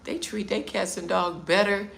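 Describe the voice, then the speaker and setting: A middle-aged American woman hosts a casual livestream from Vietnam, chatting and responding to viewers' comments. Her medium-pitched voice holds a steady tone at normal speed, creaky yet fairly bright.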